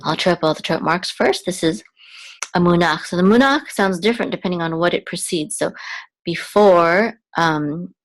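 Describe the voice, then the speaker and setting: A woman teaching how to read and chant scripture, explaining patiently with pauses and restarts. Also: fairly low pitch. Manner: patient, hesitant, with fillers and restarts while pointing at text. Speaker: Biblical Hebrew teacher. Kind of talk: explanatory lesson with chanted examples.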